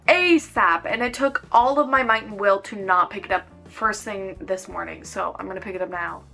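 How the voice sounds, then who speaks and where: A woman chatting casually in a reading vlog, excitable and gushing, with bursts of quick talk, filmed at home. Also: mid-range voice, creaky, soft background music. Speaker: book vlogger.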